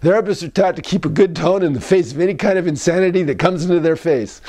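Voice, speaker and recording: A man's voice: high voice, fast talker, mellow. A man speaking as a psychologist in a casual advice monologue. He repeats key phrases and acts out tones of voice as he goes.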